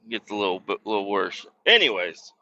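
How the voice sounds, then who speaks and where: A man's voice: lowish voice, sing-song, a little fast, pushed and bright, dull audio. A man, a truck driver, hosting a podcast and telling a rambling story in casual, profane talk, raising his voice when he quotes people.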